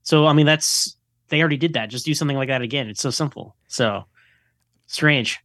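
A man who is a guest on a podcast, talking in casual chat. He sounds wry and relaxed and drops in joking asides. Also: medium pitch, fast, no echo, studio quality.

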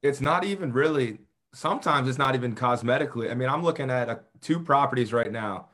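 A man's voice: mid-range voice, lively intonation, a little fast, a bit bright. Man chatting shop over a video call. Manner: conversational, hesitant restarts. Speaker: real estate agent. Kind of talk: casual business chat.

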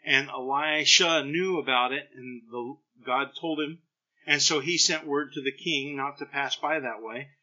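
A middle-aged man preaching a sermon, telling scripture stories in an animated way and acting out the lines of the people in them. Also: mid-range voice, unhurried, muffled recording. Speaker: pastor.

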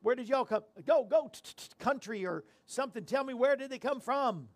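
A man's voice: very high-pitched, a little fast, darkish tone, no room sound. A man hosting a casual talk show, rambling and self-deprecating as he chats and tells corny jokes. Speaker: show host.

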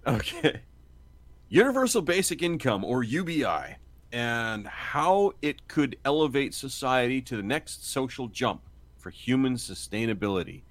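A man's voice: mid-range voice, very animated, measured pace, no echo. A man telling a story in casual chat, laughing often, swearing freely and acting out the lines.

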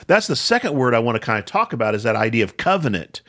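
A man hosting a podcast, teaching the Bible in a conversational way, thinking aloud with restarts and slowing down to stress key points. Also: medium pitch, big pitch swings, fairly bright tone. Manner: thoughtful, with frequent restarts and slow emphasis.

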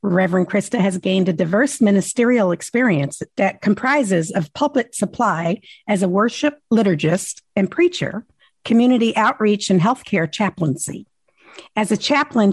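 A woman's voice: mid-range voice, darkish tone, slightly rough, no room sound. A woman co-hosting a podcast, chatting casually and supporting her co-host, then introducing a guest.

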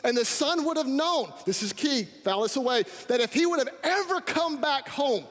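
A man preaching a sermon as pastor, energetic and calling out to his congregation. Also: extremely high pitch, normal speed. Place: church sanctuary. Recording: reverberant hall.

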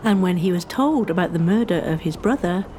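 Mellow woman narrating history. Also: on the low side, animated, slight background noise. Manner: measured storytelling.

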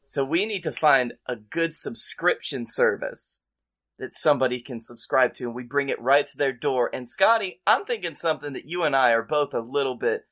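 A man co-hosting a comedy podcast, pitching silly ideas in a playful, profane way. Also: lively intonation, moderate pace, fairly bright tone. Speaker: podcast co-host. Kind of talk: casual comedy chat.

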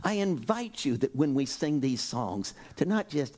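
Medium-pitched and a little slow, a man delivers a sermon as pastor. His preaching is animated and full of exclamations, shifting from loud bursts to quiet asides.

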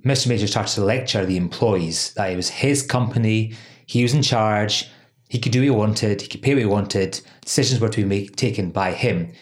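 With a fairly low pitch and a fairly quick delivery, this man chats casually on the legal podcast he hosts as an employment lawyer. He laughs frequently and fills his talk with plenty of "um"s.

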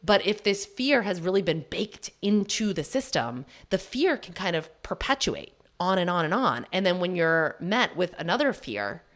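A woman in her thirties speaks on her solo podcast with a slightly low-pitched voice. She is candid and conversational, laughs easily and throws in rhetorical questions as she explains. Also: sing-song, normal speed, few pauses, fairly bright tone. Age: 30s. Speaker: podcast host. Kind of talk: casual solo podcast talk.

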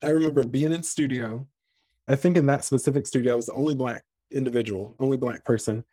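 A man's voice: mid-range voice, fast, husky, dry recording. A young man telling stories in a casual chat as a podcast guest, acting out the voices of people he quotes. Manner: animated, acts out quoted voices.

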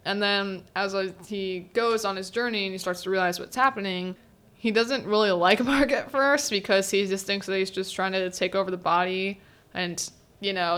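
A woman's voice: medium pitch, a bit bright, clean tone. Chatty young woman recapping a show. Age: teens. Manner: chatty, laughs often, quotes characters in little voices. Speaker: podcast host. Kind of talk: casual solo recap chat.

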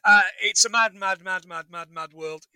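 A man's voice: high-pitched, moderate pace, a crowd in the background, low-quality recording. A man co-hosting a casual film recap, rambling and joking and acting out lines from the movie. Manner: rambling, jokey, acts out quotes. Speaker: podcast co-host.

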